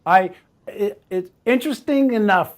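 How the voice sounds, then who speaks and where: A middle-aged man hosts the conversation in a thoughtful, affirming tone. His voice sits at a moderate pitch and his delivery is reflective. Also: measured pace. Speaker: host. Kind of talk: conversational interview.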